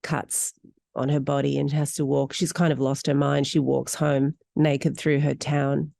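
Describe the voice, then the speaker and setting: A middle-aged Australian woman, an actor, telling stories in an interview with animated, candid delivery. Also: unhurried, vocal fry, dry recording, clean studio sound. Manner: animated, candid storytelling with wide pitch swings. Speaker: actor guest. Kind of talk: interview conversation.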